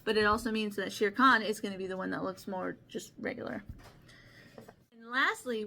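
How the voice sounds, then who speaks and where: A woman's voice: a little high, fairly bright tone. A woman hosting a casual board game vlog, with a lisp and a slight stutter, talking in a rambling, earnest way and laughing often. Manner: rambling and chatty with restarts and small stutters. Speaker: board game channel host. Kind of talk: casual vlog talk showing games to camera.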